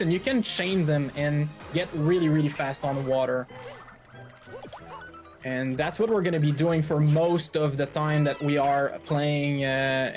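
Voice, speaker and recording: A speedrunner giving relaxed, filler-heavy live commentary while playing, a little out of breath. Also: medium pitch. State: slightly out of breath.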